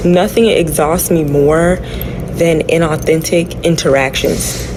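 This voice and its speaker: A woman talking reflectively about her life, pausing now and then to search for the right word. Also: sits low, fairly even intonation. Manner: thoughtful, searching for words. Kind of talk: reflective personal talk. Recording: clip with noise and traffic behind.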